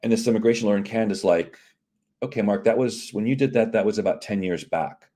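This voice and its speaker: A man with a lowish, mellow voice talks through his business story in a casual interview. He slips into quoted back-and-forth dialogue, doing the other people's lines with lively energy. The tone stays relaxed and conversational throughout. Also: fast. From United States. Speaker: CEO of immigration and employment firm, guest.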